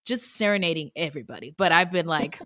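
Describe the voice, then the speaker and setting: A woman co-hosting a casual true-crime podcast, talking in an animated way and breaking into song and acted voices. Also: sits low, fast, dry recording, studio quality. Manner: animated, laughs often, bursts into singing and acted voices. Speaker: podcast co-host.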